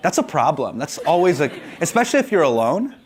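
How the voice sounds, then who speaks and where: A man answering audience questions in a casual comedic Q&A, animated and joking, laughing often. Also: fairly high pitch, fairly quick.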